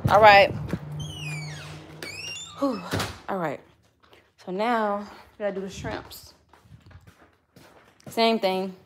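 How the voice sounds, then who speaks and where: Over music, a woman with a medium-pitched, steady voice speaks slowly with long pauses while cooking in her home kitchen for her vlog channel. She chats casually and slangily with viewers and her kids between steps, recorded on a nearby phone camera that's occasionally set down.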